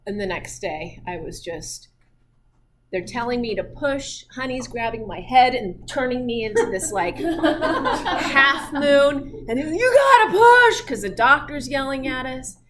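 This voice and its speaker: A woman's voice: sits high, animated, unhurried, background noise. A middle-aged woman teaching physiology in a chatty style, telling personal stories and laughing often. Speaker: physiology instructor. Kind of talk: lecture with personal anecdotes.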